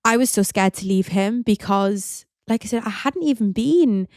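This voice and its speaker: A woman's voice: mid-range voice, moderate pace, a little mellow, no room sound, studio quality. A woman hosting a podcast, telling a personal story in a chatty, open way, full of casual fillers. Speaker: podcast host.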